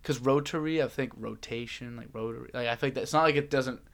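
A man's voice: mid-range voice, quick pace, vocal fry, fairly bright tone. A man from New England hosting a casual chat, rambling and joking and trailing off mid-sentence.

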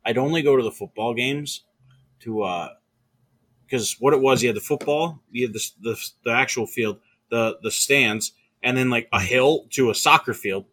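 A young man in casual chat, telling stories in an animated way, swearing often and laughing mid-sentence. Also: mid-range voice, normal speed, breathy edge.

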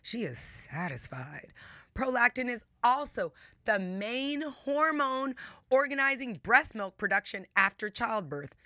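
A woman's voice: a little high, sing-song, unhurried, bright, forceful tone, dry recording, studio quality. A woman hosting a live radio talk show, playful and emphatic, laughing often and stretching words for effect.

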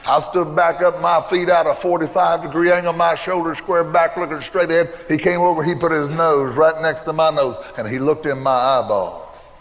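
A man's voice: on the high side, fairly even intonation, moderate pace, few pauses. An older man preaching a sermon, telling a folksy story from his own past with emphatic repeated refrains. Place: church. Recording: long reverb in a church hall.

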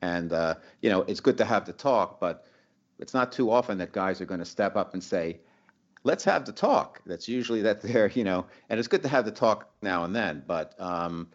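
A man interviewing a guest in casual conversation, halting and restarting as he plays out examples. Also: sits low, highs cut off.

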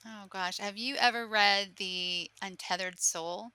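Bright woman host, dry sound. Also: mid-range voice, fairly even intonation, a little slow, clear, resonant tone, dry recording. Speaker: podcast host. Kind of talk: casual interview chat.

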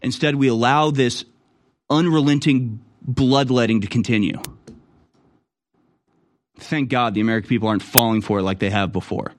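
A man's voice: mid-range voice, fairly even intonation, moderate pace, pauses often. A man hosting online news commentary, reacting to clips in an indignant manner with sudden exclamations. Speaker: political commentary host.

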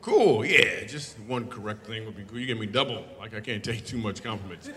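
A man's voice: on the low side, expressive, fairly quick, pushed and bright, slight background noise. A man doing stand-up crowd work into a handheld mic, playfully teasing the audience and laughing often. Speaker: stand-up comedian. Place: live comedy show in a hall. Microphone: handheld microphone. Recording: reverberant hall with live audience. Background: faint audience laughter.

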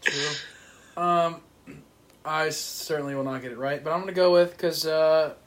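A man's voice: on the high side, fairly even intonation, unhurried. A young man co-hosting a sports podcast, jokey and self-deprecating in casual banter. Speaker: podcast co-host.

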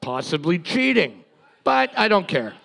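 Gravelly wisecracking man. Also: high-pitched, big pitch swings, a little slow, a bit bright. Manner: dry, wisecracking. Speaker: co-host. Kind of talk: casual banter.

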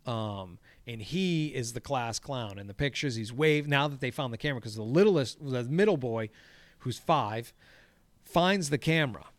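A man's voice: mid-range voice, lively intonation, normal speed, no room sound. A man, a golf course crew boss, telling a story in casual chat, swearing freely and acting out the quoted dialogue. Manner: profane, acts out quoted dialogue.

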